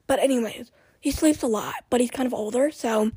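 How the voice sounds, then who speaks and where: A woman's voice: a little high, fairly quick, mellow, husky, dry recording. A young woman hosting her own podcast, chatting casually and rambling with lots of fillers and restarts. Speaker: podcast host. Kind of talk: casual chat.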